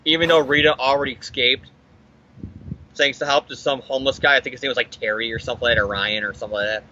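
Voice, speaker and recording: A man casually recapping a comic book on a podcast, animated and profane, acting out the characters' lines. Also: mid-range voice, quick pace, highs cut off, slight background noise. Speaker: podcast co-host.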